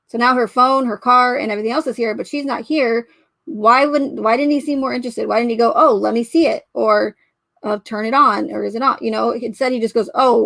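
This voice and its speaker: A woman's voice: a little high, no echo. A woman giving casual commentary on a criminal case, skeptical and questioning as she picks apart details, often trailing off and restarting. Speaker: true crime commentator.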